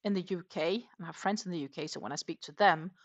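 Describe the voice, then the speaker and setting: A Danish crochet streamer chats casually from home in a lowish voice at a quick pace, and the sound is lo-fi. Her accent mixes Danish, Dutch and English, and she reads viewer comments aloud amid many fillers.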